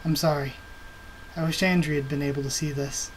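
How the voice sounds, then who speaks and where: A man's voice: on the high side, steady tone, brisk, slight background noise, lightly acted, poor audio. A man reading as a weary grieving survivor leader. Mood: wistful.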